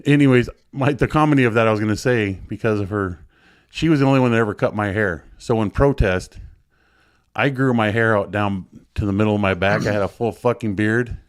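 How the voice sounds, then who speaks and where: A man with a fairly low, smooth and resonant voice tells a hard personal story. He is blunt and profane, with rambling asides. The sound is dry and close. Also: a little fast, no echo. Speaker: guest sharing his story. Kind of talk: emotional casual storytelling. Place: joining a livestream remotely.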